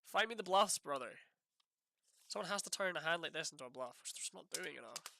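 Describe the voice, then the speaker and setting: Swinging between outbursts and under-the-breath muttering, a man narrates his live poker game in exasperation, cursing as he goes. He talks fast in a fairly high, creaky voice, and the recording carries a little hiss or hum.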